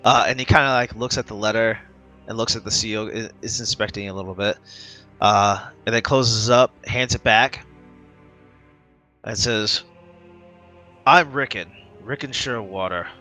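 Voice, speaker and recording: A man's voice: lowish voice, fairly even intonation, normal speed, pushed and bright, faint music behind. A man narrating as game master in a casual, filler-heavy way.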